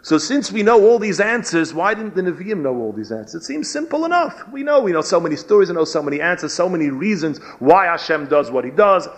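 A man giving a storytelling sermon as a rabbi, animated and weaving Hebrew and Yiddish terms into his English. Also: high-pitched, brisk, hardly any pauses. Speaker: rabbi giving a Torah lecture. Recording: dull lo-fi recording.

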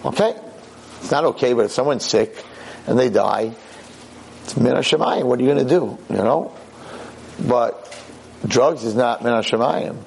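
A man giving a Torah lecture as a rabbi, impassioned, dropping low and grave then rising into sharp outbursts. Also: moderate pace, vocal fry, long pauses, slight background noise.

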